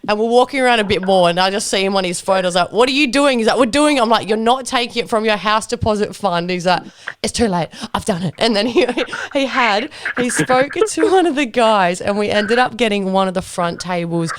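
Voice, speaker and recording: A woman's voice: medium pitch, fairly quick, a little hiss or hum. A woman hosting a podcast, telling a story casually with lots of laughter and acted-out quotes. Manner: animated, laughs often, acts out quoted lines. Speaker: podcast host.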